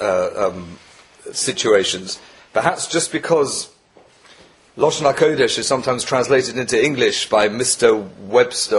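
A man giving a Torah lecture with stories, animated and emphatic, often repeating himself and rising to sharp peaks. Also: medium pitch. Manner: animated, rising emphatic peaks, mixes Yiddish and Hebrew terms; frequent self-repetition and restarts. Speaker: Torah teacher.

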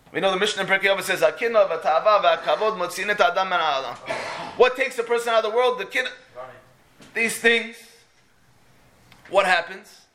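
A man teaches a Torah lesson through stories, firing questions at his listeners and answering them himself. His voice sits high and sounds bright and forceful. He talks in a lively, storytelling way. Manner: animated, asks and answers his own questions, mixes in Hebrew phrases.

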